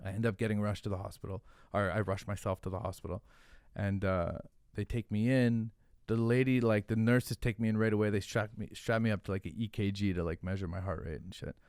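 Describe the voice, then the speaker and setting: A young man telling a story in casual podcast talk, animated and profane, with lots of fillers. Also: lowish voice, a little fast, clear, resonant tone, no room sound, studio quality. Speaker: podcast guest, hot sauce founder.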